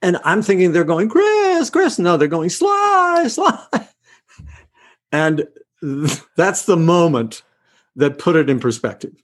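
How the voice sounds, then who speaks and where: An older man as an interview guest, telling relaxed, self-mocking anecdotes, hesitating with many uhs and restarts. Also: a little high, moderate pace. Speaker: guest actor.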